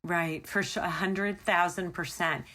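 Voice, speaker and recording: Woman host, lower voice, attentive and reflective interviewer. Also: fairly even intonation, unhurried. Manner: warm listener, frequent murmured agreement. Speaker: podcast host. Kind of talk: interview conversation.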